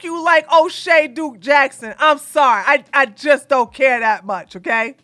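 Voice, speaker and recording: A woman doing drama commentary in a loud, animated, sassy way, often laughing and shouting. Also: high-pitched, measured pace, hardly any pauses, no room sound, studio quality.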